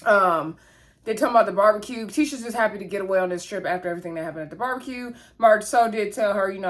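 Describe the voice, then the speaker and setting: A woman's voice: mid-range voice, fast talker. A woman, casually recapping a reality show episode in a chatty, gossipy way. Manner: chatty, gossipy, acts out the cast's lines.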